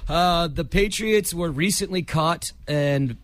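A man hosting a sports chat show, talking casually and haltingly, with lots of fillers. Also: a little high, a bit bright, dry recording.

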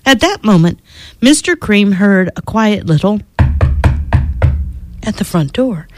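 A woman reading a children's storybook aloud in an expressive, lilting storytelling manner. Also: mid-range voice, slow, music in the background.

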